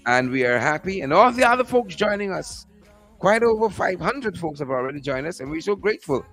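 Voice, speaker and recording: A man with a Guyanese accent hosting a live stream from outdoors, repeating upbeat shout-outs to his viewers by name. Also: high-pitched, big pitch swings, brisk, faint music behind. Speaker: host.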